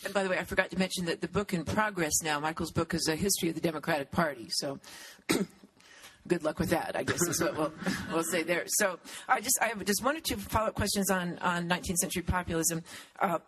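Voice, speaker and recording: A man's voice: sits high, fast, fairly bright tone, slightly rough, rough recording. A man moderating a public interview, chatty and apologetic, with laughing asides.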